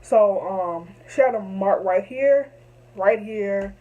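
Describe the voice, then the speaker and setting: A woman's voice: medium pitch, slow pace, phone-quality sound. A young woman telling a story to camera, emphatic and repetitive, heated at times. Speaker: vlogger.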